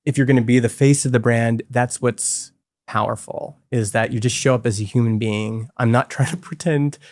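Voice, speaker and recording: A man in his forties, a company co-founder speaking as a guest, telling stories candidly in a relaxed conversational way with lots of filler words. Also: medium pitch, moderate pace. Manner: candid, animated storytelling with frequent "like" fillers. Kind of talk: casual conversational interview.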